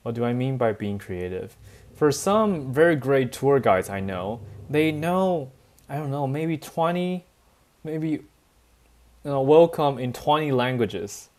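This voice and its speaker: A man's voice: mid-range voice, animated, unhurried, darkish tone. Man, casual English lecture, asks "right?" a lot. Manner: chatty, says "right?" often, laughs lightly. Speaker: English teacher. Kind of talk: relaxed bilingual classroom lecture.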